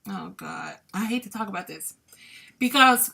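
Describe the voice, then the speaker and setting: A woman's voice: mid-range voice, measured pace, creaky, pushed and bright. A woman hosting a podcast, telling a personal story in a candid, chatty way that turns emotional at times. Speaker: podcast host. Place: lives in Columbia.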